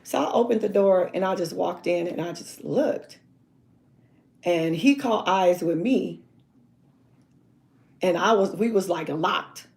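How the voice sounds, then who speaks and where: Animated woman telling a dramatic story. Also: on the low side, slow, gravelly, pauses often. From Southern California. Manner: vivid, dramatic, acts out voices. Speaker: interview guest.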